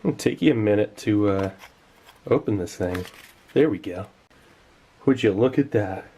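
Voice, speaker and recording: A man's voice: fairly low pitch, expressive, a little slow, gravelly, mellow, breathy edge. A man giving casual, enthusiastic commentary while tasting old rations, sometimes talking with his mouth full. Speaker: food tasting vlogger.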